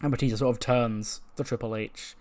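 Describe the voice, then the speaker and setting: A man's voice: medium pitch, steady tone, fairly quick, a little mellow. A man hosting a game channel, casually recounting the events of a wrestling management game in a chatty way.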